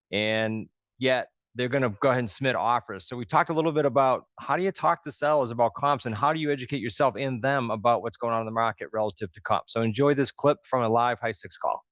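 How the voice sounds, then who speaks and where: A man hosting a coaching call over a video link, talking in an easy conversational way. He lays out his points one by one in a mid-pitched voice. The sound is dry and close. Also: a bit bright, dry recording. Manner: conversational, explains step by step. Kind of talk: coaching on a live group call.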